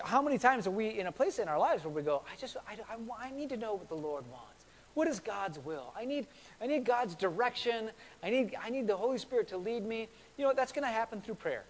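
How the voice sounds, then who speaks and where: A man's voice: high-pitched, big-room sound. A man preaching a sermon in a conversational way, repeating words as he speaks and asking the congregation questions. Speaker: pastor.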